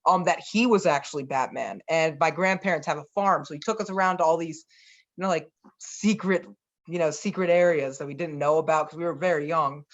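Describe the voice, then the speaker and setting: Chatty young man, high voice. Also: fairly quick, a bit bright. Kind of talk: casual chat. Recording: dull lo-fi audio.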